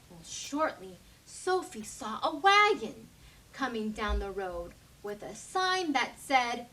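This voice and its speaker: A woman storyteller at a library, reading a children's picture book aloud in an animated way. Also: on the high side, recorded from a distance. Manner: slow animated read-aloud.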